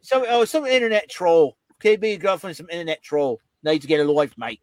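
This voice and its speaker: A man's voice: fairly high pitch, a little fast, a little mellow, no room sound, natural voice. A man voicing a brash, blustering, British-talking male wrestler in a comedic impression, full of slang. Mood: ranting. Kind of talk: comedic impression role-play.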